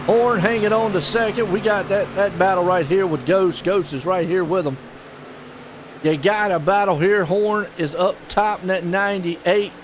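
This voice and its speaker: A man calling a live sim race play-by-play, excitable and folksy. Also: high voice, normal speed, a little hiss or hum. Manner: excitable, folksy, puzzled asides. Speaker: race commentator.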